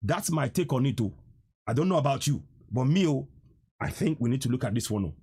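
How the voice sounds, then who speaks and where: A man's voice: medium pitch, expressive, fairly quick, darkish tone, slightly rough. A man with a Nigerian accent, hosting a political livestream and mixing Pidgin with English, repeating himself to drive his point home. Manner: preachy, repeats lines, mixes Pidgin and English. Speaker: livestream host.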